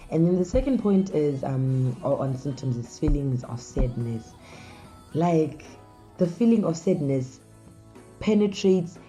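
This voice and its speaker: A woman's voice: sits low, warm tone, dull audio. A woman hosting a casual talk show, speaking conversationally and often calling her listeners "guys". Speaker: host.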